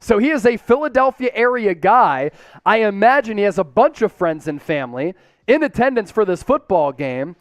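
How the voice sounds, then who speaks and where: A man hosting a fan watch-party stream, calling plays and reading out chat shout-outs with hyped cheers. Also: sits high, very animated, moderate pace, no echo, highs cut off.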